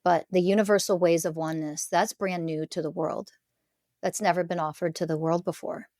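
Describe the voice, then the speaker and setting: A middle-aged woman with a lowish voice appears as a podcast guest, recorded in a clean studio with no echo. In this conversational interview she speaks earnestly, making emphatic declarations about her spiritual teaching.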